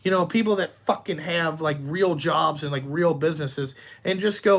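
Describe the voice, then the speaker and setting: Guy with a pretty high voice cussing up a storm on a livestream, blunt, aggravated rant, keeps repeating himself. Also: creaky. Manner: heavy swearing, blunt and aggravated; repeats himself, halting restarts. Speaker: dump truck business owner. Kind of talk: profane livestream rant, answering chat.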